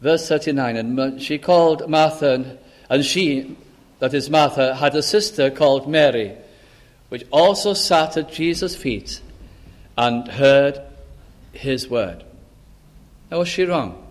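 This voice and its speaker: An older man preaching a sermon, earnest, lifting his voice for scripture and dropping low and soft to stress a point. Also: measured pace, pauses often.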